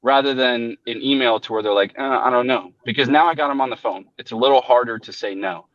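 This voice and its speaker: A man's voice: medium pitch, quick pace, a bit bright, dry recording. Casual man thinking aloud, muffled line. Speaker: lawn care business owner. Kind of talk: casual chat.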